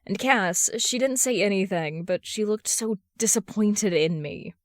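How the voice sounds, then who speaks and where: A woman's voice: mid-range voice, expressive, a little slow, no echo, studio quality, close to an everyday voice. A woman voicing an upset young woman vigilante in a fan audiobook, talking in a rambling, plain way. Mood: hurt.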